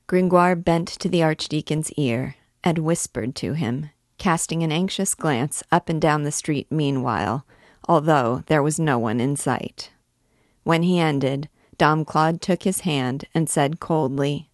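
Woman reader, deep voice, slow and measured, dry close recording. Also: no echo. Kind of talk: reading a novel aloud.

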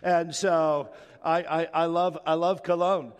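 A man's voice: fairly high pitch, level tone, takes it slowly, clear, resonant tone. A middle-aged man, a pastor, preaching a sermon in a loose, joking, conversational way, often restarting his sentences. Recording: long hall reverb.

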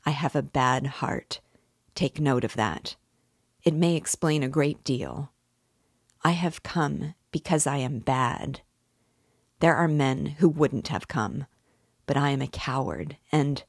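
A tormented young man confessing in slow, heavy words, as a woman reads him aloud from a novel. His lines rise into despairing cries, in a dry, close recording. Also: a bass voice, creaky, breathy edge, no echo, heavily acted. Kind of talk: audiobook reading.

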